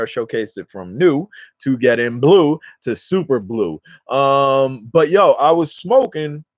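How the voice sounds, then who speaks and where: Male home vlogger with a New York accent, loose rambling slang, mid-pitched voice, dry close sound. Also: no echo. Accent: New York/New Jersey. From New York or New Jersey area. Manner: rambling, slangy, easily sidetracked. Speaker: smoking vlogger and livestream host. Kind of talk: casual livestream chat to viewers. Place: at home in a recliner.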